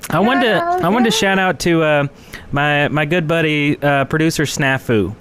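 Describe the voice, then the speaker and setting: A man's voice: a little high, normal speed, noisy background. A man hosting a casual podcast, laid-back, laughs often and talks with many fillers. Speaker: podcast host. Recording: music playing behind the voice. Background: music.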